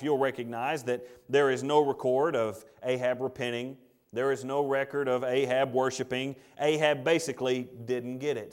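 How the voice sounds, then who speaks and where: Male preacher, conversational sermon delivery, slightly higher voice, acts out scripture voices.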